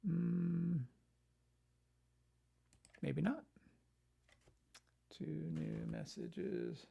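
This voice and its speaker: A man's voice: a little high, drawn-out words, gravelly, dark tone, slightly rough. A man hosting a casual live stream, ranting animatedly with swearing and muttering to himself at his computer. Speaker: livestream host.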